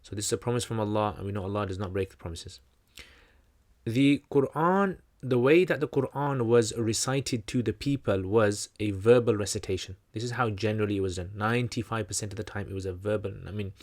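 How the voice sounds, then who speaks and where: A man with a fairly low voice and a quick pace hosts a livestream Q&A, answering questions as the channel host. He teaches loosely and conversationally, with lots of fillers and restarts.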